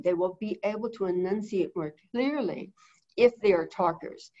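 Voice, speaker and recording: A middle-aged woman with a low-set voice chats her way through a webinar lesson, quick and rambling, full of fillers. The sound comes through a muffled, lo-fi video call line. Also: darkish tone. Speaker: guest bird behavior consultant. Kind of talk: webinar teaching talk.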